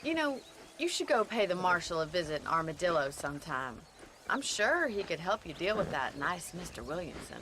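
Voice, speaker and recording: A woman's voice: lowish voice, moderate pace, a little hiss or hum. A spirited young ranch woman. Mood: friendly. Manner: lively, playfully challenging. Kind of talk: video game dialogue.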